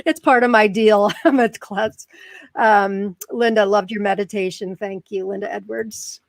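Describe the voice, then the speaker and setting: A woman's voice: mid-range voice, fairly even intonation, unhurried, vocal fry, no room sound. An American woman hosting a live interview, bubbly and self-deprecating, laughing often and using many fillers. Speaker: host. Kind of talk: live-stream interview chat.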